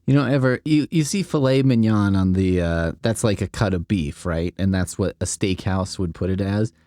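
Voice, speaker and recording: A man's voice: low-pitched, normal speed, warm tone, dry recording, studio quality. A man hosting a comedy podcast, reading a script aloud and riffing with rambling, wry asides that trail off. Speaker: podcast host.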